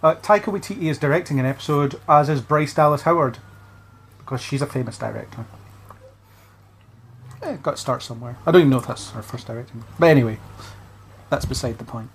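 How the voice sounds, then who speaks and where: Male podcast host, mid-pitched, hesitant and rambling, light hiss behind. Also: fast, creaky, long pauses. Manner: rambling, many fillers. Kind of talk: casual chat.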